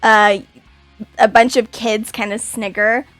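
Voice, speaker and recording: A woman narrating as game master of a tabletop game, often pausing on fillers. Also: a little high, little pitch movement, fairly bright tone, no room sound, faint music behind. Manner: halting, many fillers.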